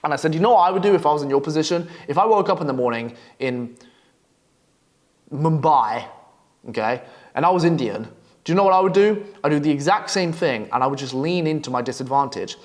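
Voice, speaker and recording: Young male coach, slightly high voice, brash and profane, blunt storytelling delivery. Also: animated, a little fast. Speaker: copywriting coach. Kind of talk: profane, blunt advice monologue.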